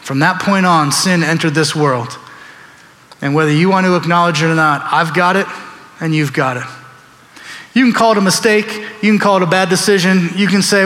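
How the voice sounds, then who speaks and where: A man's voice: high voice, normal speed, fairly bright tone, in a large hall. A man preaching a sermon in a church, conversational and storytelling, acting out quoted voices. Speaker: pastor. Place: church sanctuary.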